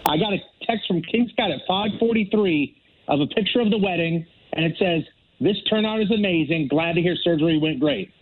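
A man's voice: sits high, fairly quick, crowd noise. A man on a phone call into a radio show, sore after surgery, telling stories in a casual, self-deprecating way. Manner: storytelling, quoting others, self-deprecating. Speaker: co-host recovering from surgery, on the phone.

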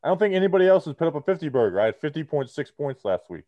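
A man co-hosting a casual sports podcast, talking in an animated, joking way, his voice muffled behind a face shield on a video call. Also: fairly high pitch, rapid-fire, no room sound. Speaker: podcast co-host. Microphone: muffled behind a clear face shield.

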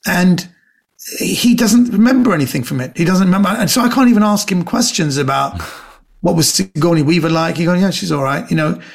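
A man's voice: high-pitched, animated, brisk, gravelly. A middle-aged man, a comedian guest on a podcast, chatting casually and telling rambling stories, acting out the quotes.

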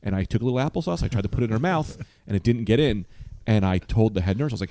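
A man's voice: on the low side, no room sound. A man, a comedian guest, telling stories in a casual podcast chat and acting out the other people's voices. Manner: rapid, animated storyteller who acts out voices.

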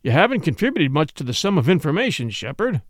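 A bluff, jovial old retired colonel with a hearty, teasing way of talking, read by a male narrator. His tone swings widely in pitch. The voice is dry and close. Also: big pitch swings, fast, no room sound.

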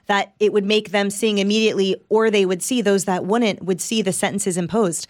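Female interview host, halting and full of restarts, recorded dry and close. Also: medium pitch, fairly even intonation, dry recording.

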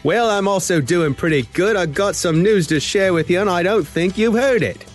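A man voicing a pushy money-grant scammer in a deliberately bad Australian accent. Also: a little high, husky, soft background music.

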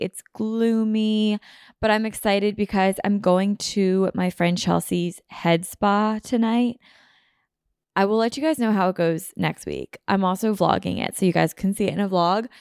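A woman's voice: mid-range voice, creaky, a little mellow, smooth, dry recording, studio quality. A woman hosting a solo podcast, chatting casually and rambling with lots of "like" fillers. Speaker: podcast host.

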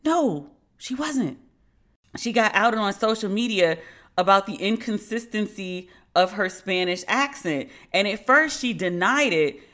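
In a mid-range, sharp-toned voice at a moderate pace, a woman podcast host narrates a story on her own. Her commentary is sardonic and mocking, and she puts on voices when quoting people.

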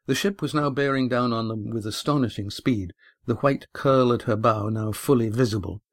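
A man narrating a sailing adventure audiobook in an even, steady reading. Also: medium pitch, normal speed, no echo, clean studio sound.

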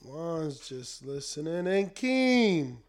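A man's voice: a little high, big pitch swings, slow pace. A man hosting a casual call-in show, laid-back and slangy, calling out listeners by name.

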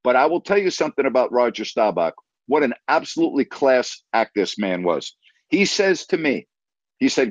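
A man from New York, a TV sports announcer, telling an animated story in casual conversation and acting out the quotes. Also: medium pitch, normal speed, dry recording, muffled recording. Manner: animated anecdote teller, acts out quotes.

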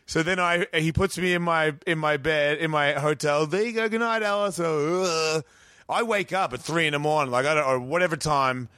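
A man, a podcast guest, telling profane, animated stories in casual chat on a studio mic. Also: on the high side, moderate pace, no room sound. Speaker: podcast guest, radio host.

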